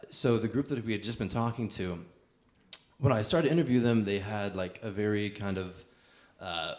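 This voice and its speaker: A man's voice: fairly low pitch, darkish tone. A young man, a comedian, telling a rambling story to a live audience in a casual, chatty way with lots of fillers.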